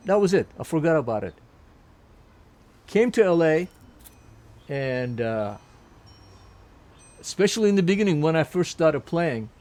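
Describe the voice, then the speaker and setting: A man around eighty from Turkey, telling lively stories from his career as a jazz pianist and voicing the people he quotes. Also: a little high. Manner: lively anecdotes, quotes people in put-on voices, frequent restarts. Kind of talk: reminiscing storytelling.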